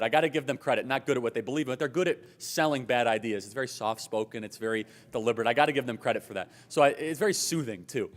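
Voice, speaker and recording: A man giving a persuasive political speech at a hotel conference and taking audience questions, talking emphatically and briskly. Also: medium pitch. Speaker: conference speaker.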